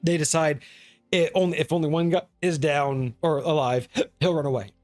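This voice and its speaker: Animated man hosting a game stream. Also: fairly high pitch. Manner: animated, acts out quick snippets of players and guards. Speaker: host of a tabletop gaming live stream. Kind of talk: casual chat. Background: faint background music.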